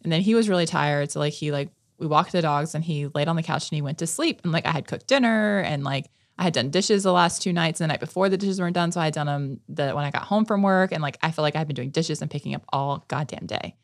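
A woman with a low, deep speaking voice talks in a casual podcast chat. She tells stories with energy, acts out the back-and-forth of what was said and swears casually. The sound is close and dry. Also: fast talker, hardly any pauses. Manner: animated storyteller, swears casually, acts out quoted exchanges.

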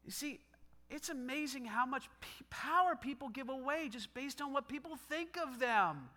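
A middle-aged male pastor with a very high, sharply bright voice, preaching in a loose, chatty way. He swings his pitch around a lot, acts out quick back-and-forth exchanges and laughs along with his own stories. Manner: animated, conversational, acts out dialogue, laughs often. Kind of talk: sermon.

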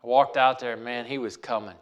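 A man's voice: mid-range voice, steady tone, a little fast. A man telling a personal story in a folksy way, repeating phrases for emphasis.

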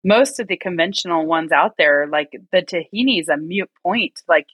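A woman's voice: lowish voice, normal speed, a bit bright, husky, dry recording. A woman from rural Oregon hosting an interview, enthusiastic and effusive with frequent laughs. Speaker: interview host. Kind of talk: conversational interview.

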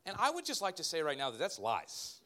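A man, a pastor, preaching a sermon in an animated way with joking asides to his congregation. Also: a little high, brisk.

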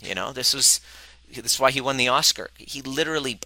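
A man coaching a live workshop audience, animated and profane, who speaks to them directly and acts out the voices of the people he quotes. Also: medium pitch, fairly quick, vocal fry, low-quality recording. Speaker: relationship coach.

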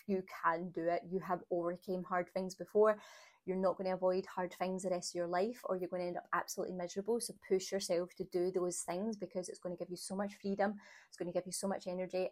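A woman's voice: on the low side, a little mellow. A woman in her thirties hosting a solo podcast, chatty and encouraging, laughing easily as she talks. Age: 30s. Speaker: podcast host.

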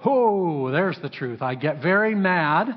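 A man's voice: on the high side, animated, slow pace, big-room sound, dull audio. A man preaching a sermon as pastor. He talks with the congregation, asks them to answer, and briefly acts out biblical characters in a raised, sassy voice. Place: church hall.

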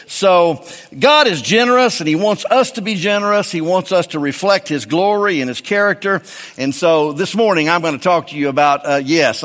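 Guy preaching a sermon in church, kinda high voice, jokey folksy way, hall echo behind him. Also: fairly bright tone. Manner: folksy and joking with the congregation. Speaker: pastor.

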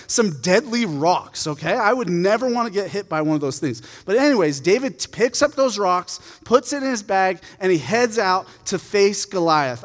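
A man preaching a sermon, retelling a story in a casual, animated and humorous way. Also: sits high, in a large hall. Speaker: pastor.

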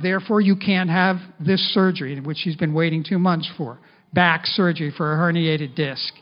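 A middle-aged male pastor preaching a sermon in an animated way, at times speaking in the first person as Jesus. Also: high-pitched. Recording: dull lo-fi sound.

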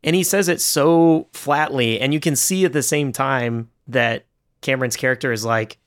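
A man co-hosting a film podcast, calmly retelling scenes and quoting characters. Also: mid-range voice, normal speed, clean tone. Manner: relaxed storyteller, retells scenes in quoted voices. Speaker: podcast co-host. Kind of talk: casual film discussion.

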